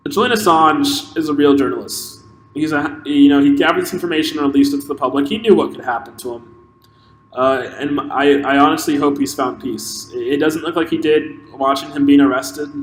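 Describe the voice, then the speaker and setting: Male podcast host, impassioned solo rant, halting delivery, reverberant room with faint hiss. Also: a little high. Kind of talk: solo opinion monologue. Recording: echoey room with long reverb and faint noise.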